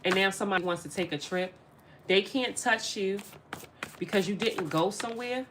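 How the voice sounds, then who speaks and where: A woman's voice: mid-range voice, normal speed, noisy background. Emphatic woman giving a tarot reading. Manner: emphatic, repeats phrases, addresses viewers directly. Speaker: tarot reader. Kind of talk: casual spiritual reading to camera.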